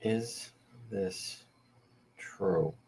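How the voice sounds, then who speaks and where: A man's voice: on the low side, very slow, dark tone, slight background noise. A man hosting a livestream, talking heatedly and indignantly to his viewers and greeting them by name. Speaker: livestream host.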